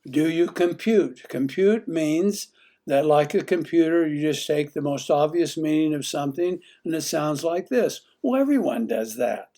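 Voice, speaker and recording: Mellow-voiced man teaching marriage communication. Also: on the high side, animated, a little slow. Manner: asks the listener many direct questions. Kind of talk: instructional talk.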